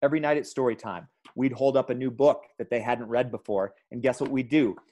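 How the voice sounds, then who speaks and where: A man giving a training talk to teachers in an energetic, emphatic way. He tells stories with punchy bursts and speaks to his listeners directly, calling them "guys.". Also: mid-range voice, a little fast. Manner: addresses audience as "guys". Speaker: education speaker.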